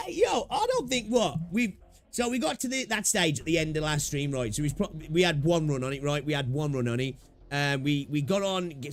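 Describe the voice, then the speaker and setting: A young man live-streaming a game, chatting casually with his viewers, swearing freely and repeating his own phrases. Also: a little high.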